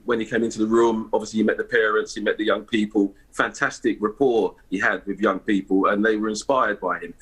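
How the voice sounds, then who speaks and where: Husky-voiced middle-aged man. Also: on the low side, a bit bright, rough recording. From East London, England. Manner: hesitant, many fillers and restarts. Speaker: interview guest, award ambassador. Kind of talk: live broadcast interview.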